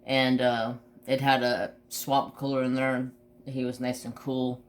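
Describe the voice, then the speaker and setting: A man's voice: mid-range voice, completely flat delivery, measured pace. A man hosting a crafting channel, telling a long personal story in casual chat, swearing freely and restarting his sentences.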